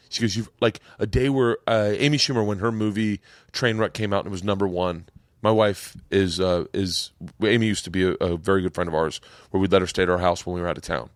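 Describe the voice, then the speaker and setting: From his home podcast studio, a man hosting a casual podcast tells a rambling story, repeating words and growing emotional. His voice is fairly low in pitch, and the recording is dry.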